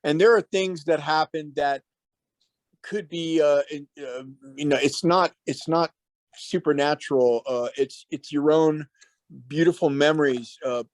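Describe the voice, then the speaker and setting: A man hosting a casual talk, earnest and reflective, with halting restarts. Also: fairly high pitch, dry recording. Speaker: host.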